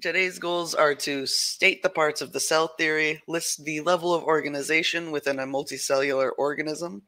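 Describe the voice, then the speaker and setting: A male student reading the lesson goals aloud in class, careful and measured. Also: on the high side, fairly even intonation, sharp tone, no echo.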